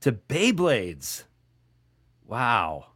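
A man's voice: mid-range voice, wildly swooping pitch, extremely slow, a bit bright, husky. A man hosting a radio show, chatting casually and joking while he reads listener texts. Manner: chatty, jokey, self-deprecating.

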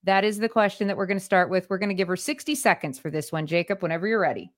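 A woman's voice: mid-range voice, very fast, no room sound. A woman co-hosts a talk show, chatting in a friendly, upbeat way. She often trips over her words and restarts. Her voice sounds dry and close. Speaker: co-host. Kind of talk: casual chat.

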